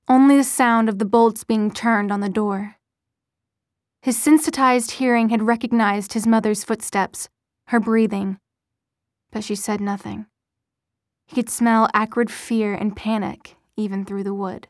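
Reading a novel aloud in scripted audiobook narration, a woman keeps a measured, steady storytelling tone at medium pitch. There's no room sound; the studio recording is clean.

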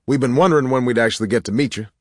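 A man voicing a hearty, welcoming church deacon in a read-aloud story, with a jovial, booming way of talking. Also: very fast, a little mellow, no room sound, clean studio sound, lightly acted.

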